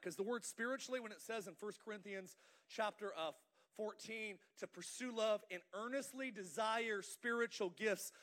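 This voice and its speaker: Man, pastor, high voice, playful, church sermon, calls for responses. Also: fairly bright tone. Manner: playful, asks the congregation to respond. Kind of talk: lively sermon with jokes.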